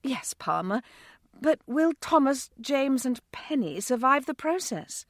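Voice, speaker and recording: A woman voicing a warm, caring mother who speaks earnestly. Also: high-pitched, big pitch swings, measured pace, no echo, studio quality, voice pushed up.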